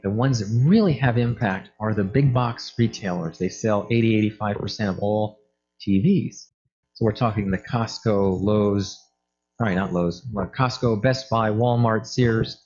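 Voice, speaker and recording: A man delivers a conference talk in a conversational way, now and then slipping into quick quoted exchanges. His voice sits at an ordinary middle pitch. The audio is a little dull and muffled. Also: darkish tone. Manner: conversational, acts out quoted phone calls. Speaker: energy efficiency product manager giving a talk.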